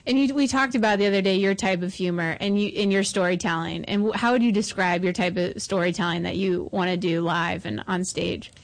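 A woman's voice: fairly low pitch, steady tone, fairly quick, creaky, few pauses. A woman hosts a casual talk show and keeps the chat easygoing. She laughs easily along with her guest. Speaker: host.

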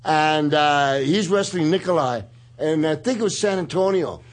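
A man's voice: fairly high pitch, normal speed. A man hosting a casual talk show, telling stories and acting out quoted people in a raised voice. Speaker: podcast host. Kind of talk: casual storytelling chat.

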